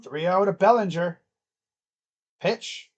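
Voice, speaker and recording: A young man calling a baseball game live for his stream, casual and chatty, talking to his cat between pitches. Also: slow. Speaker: sports streamer. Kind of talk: live play-by-play reaction stream.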